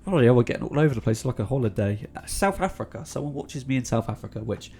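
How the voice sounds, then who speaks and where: A man's voice: mid-range voice, racing, warm tone. A young man from England with a North London accent, hosting a casual Q&A vlog in a chatty, rambling way, full of ums and restarts. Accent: North London English. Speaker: YouTube channel host.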